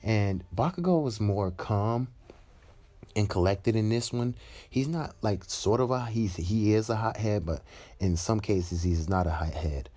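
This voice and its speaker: A man's voice: on the low side, measured pace, dark tone. A man narrating a homemade fan story in a casual, rambling way, with many fillers and restarts.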